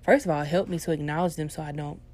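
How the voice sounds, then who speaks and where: Low-voiced woman host, blunt and profane, ranting in a casual monologue. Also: quick pace. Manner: blunt, heavily profane, swings into loud animated ranting.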